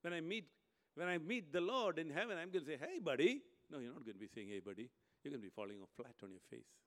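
A man preaching a sermon, animated, swinging between loud emphatic lines and hushed, quiet ones. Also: fairly high pitch, fast.

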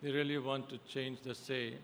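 A male pastor giving a sermon, emphatic and halting, with frequent hesitations. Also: medium pitch, level tone, a bit bright, slight background noise. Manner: emphatic preaching with many hesitations. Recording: long reverb of a hall.

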